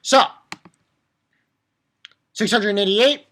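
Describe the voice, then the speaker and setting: A man recaps and reviews a cartoon episode as an anime reviewer, casual and excitable, swearing freely. His voice sits high and he takes it slowly, with long pauses, restarts and fillers.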